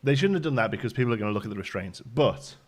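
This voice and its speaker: A man's voice: medium pitch, animated, rapid-fire. Chatty man hosting a live stream. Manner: chatty, greets viewers by name, rambles with ums. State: out of breath. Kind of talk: casual live stream chat.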